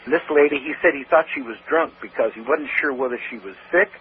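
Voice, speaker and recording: Over a tinny phone line with a faint hiss, a fast-talking man with a mid-range voice tells a story as an interview guest. He's animated and acts out what other people said as he goes.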